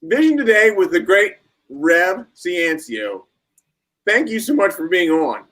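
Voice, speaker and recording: A man's voice: sits high, very animated, a little slow, a bit bright, rough recording. A man hosting a live online show, reacting with short enthusiastic remarks and giving reminders to the audience. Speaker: host.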